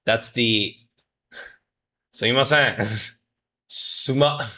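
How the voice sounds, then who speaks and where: Man, medium pitch, forceful bright tone; playful stream teacher drilling phrases. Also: extremely slow. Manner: jokey, mock-scolds chat, drills pronunciation. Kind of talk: playful livestream lesson.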